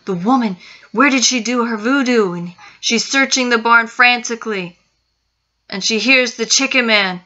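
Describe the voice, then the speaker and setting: A woman's voice: fairly high pitch, normal speed, bright, forceful tone. A woman narrating a spooky story with suspense, repeating phrases for effect. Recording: dull lo-fi recording.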